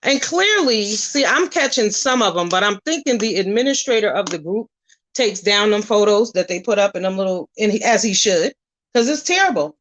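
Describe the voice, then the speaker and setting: A woman with a mid-range voice vents in a casual vlog rant, blunt and full of swearing. She keeps firing rhetorical questions at her listeners. Her storytelling is lively, and her volume swings from loud to soft. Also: medium pitch, moderate pace, low-quality recording. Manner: animated storytelling, drifting between loud and soft. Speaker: vlogger. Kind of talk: casual straight-to-camera rant.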